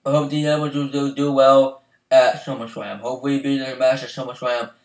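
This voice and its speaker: A young man ranting as a fan vlogger, swinging from loud outbursts to low mumbling. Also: brisk, recorded from a distance. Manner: excitable, swings from shouting to mumbling. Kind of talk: heated ranting. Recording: echoey room, voice off-mic.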